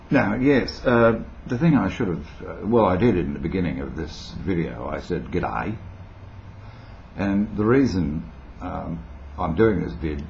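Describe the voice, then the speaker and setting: A man's voice: sits low, gravelly, a little mellow, highs cut off, slight background noise. An older Australian man with an Australian accent, rambling playfully and eccentrically to his webcam at home. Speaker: vlogger. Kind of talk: casual talk to webcam.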